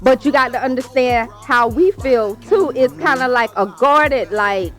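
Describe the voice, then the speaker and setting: A woman's voice: high voice, measured pace, fairly bright tone, soft background music. A married woman on a panel, chatting casually and emphatically, often talking over the others. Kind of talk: casual group chat.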